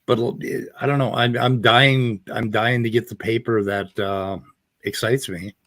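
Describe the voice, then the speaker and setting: A man's voice: medium pitch, steady tone, unhurried, a bit bright, dry recording. A man on a casual panel chat, rambling through an explanation with many fillers. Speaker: co-host.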